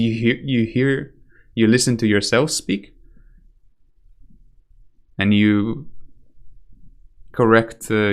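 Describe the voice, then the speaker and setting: A young man from Russia talks through a live stream in a slightly low voice, with a light Russian accent. He rambles, hesitates and corrects himself, dropping the odd swear word as he answers chat. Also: clear, resonant tone.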